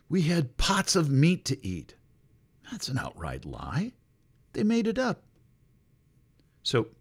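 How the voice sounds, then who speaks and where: A middle-aged male pastor preaches a sermon in an expressive, wry manner, his pitch jumping suddenly for emphasis.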